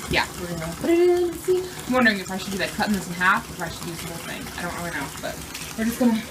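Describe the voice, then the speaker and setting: A woman in her twenties chatting casually to her phone camera in a vlog, excitable and quick to laugh. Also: mid-range voice, background noise. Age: 20s. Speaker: vlogger.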